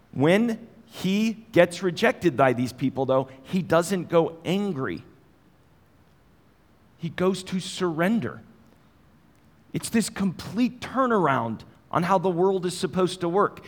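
A man's voice: a little high, in a large hall. A man preaching a sermon in a conversational way, asking his listeners direct questions. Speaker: pastor.

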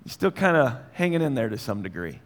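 A man's voice: mid-range voice, very animated, a little fast, long reverb tail. A man preaching a sermon in a conversational way, asking his listeners direct questions. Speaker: pastor.

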